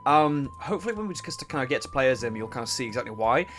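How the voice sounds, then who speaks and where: A young man giving casual, swearing, laughing commentary on a game he plays, and he keeps clearing his throat. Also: medium pitch, expressive, quick pace, fairly bright tone, soft background music. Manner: chatty, swearing, laughs a lot, self-interrupting. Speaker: let's play host.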